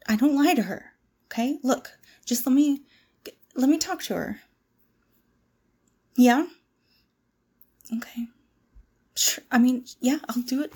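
A woman's voice: high-pitched, mellow, husky, exaggerated voice. A woman playing a frightened young woman in an audio role-play drama, pleading with a possessive captor. She stammers and drops into whispers.

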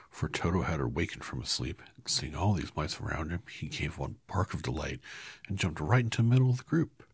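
Man, deep creaky storybook reader, soft and hushed, dry close sound. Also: dry recording. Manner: soft, half-whispered, apologizes for slips. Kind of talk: quiet storybook read-aloud.

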